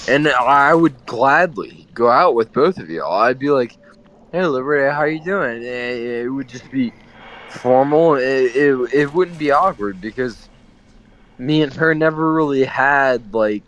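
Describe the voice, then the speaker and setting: A man's voice: mid-range voice, expressive, measured pace, fairly bright tone, poor audio. A man in casual chat with friends, hesitant, talking in short restarts. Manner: hesitant, restarts, many fillers.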